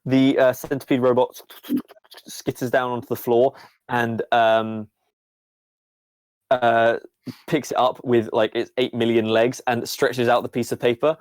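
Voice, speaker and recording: Game master narrating loosely. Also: male voice, mid-range voice, flat delivery, unhurried, clean tone, no room sound. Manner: rambling, full of fillers.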